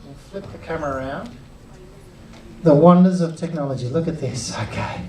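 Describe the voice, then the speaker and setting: A middle-aged man giving an energetic live workshop, chatty and drawing the audience in. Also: a little high, normal speed, slight background noise. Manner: upbeat, chatty, involves the crowd. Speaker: workshop presenter. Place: cinema auditorium with audience. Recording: roomy auditorium sound from a distance.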